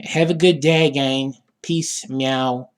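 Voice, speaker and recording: A man's voice: mid-range voice, fairly even intonation, slow, very noisy. A man vlogging a rambling, absurd comic rant, with many fillers. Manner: rambling, absurd, full of "you know". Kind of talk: casual comedic rant.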